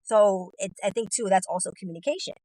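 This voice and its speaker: A woman guest on a talk podcast who speaks in an even, monotone way. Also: medium pitch, fast talker, no echo, rough recording. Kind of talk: casual discussion.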